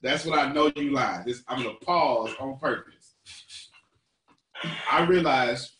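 A man's voice: medium pitch, a little slow, fairly bright tone, echoey room, far from the mic. A man coaching a group, talking playfully and teasing, laughing often. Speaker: business coach.

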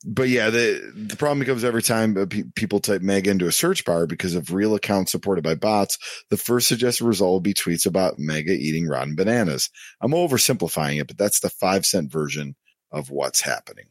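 A man's voice: low-pitched, lively intonation, a little fast, dry recording, studio quality. A man co-hosting a business podcast, talking casually and reading quotes aloud with frequent fillers. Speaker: podcast co-host.

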